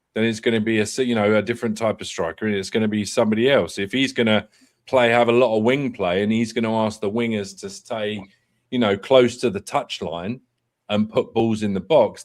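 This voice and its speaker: A man hosting a casual football fan show, thinking aloud in quick strings of questions. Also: on the low side.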